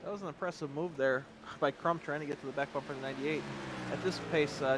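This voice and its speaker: A man giving joking, excitable color commentary on a race. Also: on the high side, heavy background noise. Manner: joking, rapid, excitable banter.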